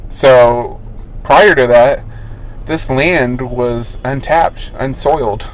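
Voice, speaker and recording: A man's voice: mid-range voice, drawn-out words, low-quality recording. Emphatic man musing aloud on a podcast. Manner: emphatic, asks rhetorical questions. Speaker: podcast co-host. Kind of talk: casual paranormal podcast chat.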